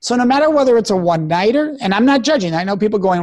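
A man's voice: sits high, animated, quick pace, a little mellow, no room sound. A man who is a guest expert on a radio talk show, speaking earnestly and coaching listeners with example phrases. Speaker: guest expert on sexual respect.

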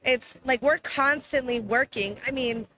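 A woman's voice: high-pitched, a little slow, sharp tone. A woman hosting a casual live-stream chat at a gaming convention, gushing and emotional and swearing freely. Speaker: host of a livestreamed talk show.

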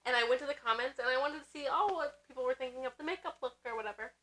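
A woman's voice: sits high, racing, a bit bright, rough recording. A young woman co-hosting a casual podcast, chatty and giggly, rambling between thoughts. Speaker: podcast co-host. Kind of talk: casual chat.

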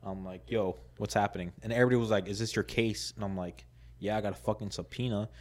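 A man with a fairly low voice telling a long story on a casual podcast. He rambles, fills every gap with "like," and acts out what people said to him. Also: fairly even intonation, fast talker. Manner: rambling, many "like"s, laughs a lot, acts out quotes. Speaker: podcast co-host.

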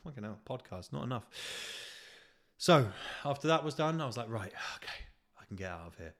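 A man's voice: mid-range voice, animated, fairly quick, a bit bright. A man with a British accent, hosting a podcast and delivering a sweary, exasperated, self-mocking comedic rant. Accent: British English. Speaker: podcast host. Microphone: podcast microphone.

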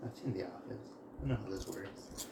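A man's voice: low-pitched, moderate pace, vocal fry, dark tone. A man playing a tabletop game, playful and laughing often. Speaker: player. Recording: roomy with faint noise.

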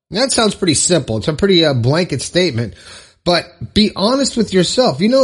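A man's voice: a little high, husky. A man hosting his own motivational podcast alone, talking casually and upbeat with frequent fillers and asides. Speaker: podcast host. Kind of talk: solo motivational podcast monologue.

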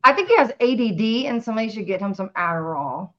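A woman co-hosting a casual sports podcast, playful and quick to laugh. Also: medium pitch, expressive, lo-fi sound, a loud crowd. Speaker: podcast co-host.

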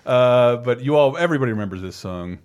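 A man hosting a podcast, chatting casually in an animated, profane manner and laughing often. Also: medium pitch, quick pace, clear, resonant tone, some chatter behind. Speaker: podcast host. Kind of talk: casual chat.

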